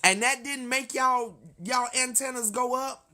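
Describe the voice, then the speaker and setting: A woman's voice: high-pitched, steady tone, a little slow, sharp tone. A woman hosting a casual livestream, ranting heatedly and profanely straight at her viewers, breaking off to laugh and apologize. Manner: laughs often, apologetic asides. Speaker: livestream host.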